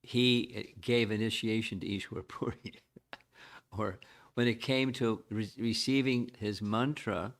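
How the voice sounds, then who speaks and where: Older male teacher, low-pitched, measured devotional lecture, reflective delivery. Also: fairly even intonation. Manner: measured, reflective, chants verses slowly. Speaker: spiritual teacher.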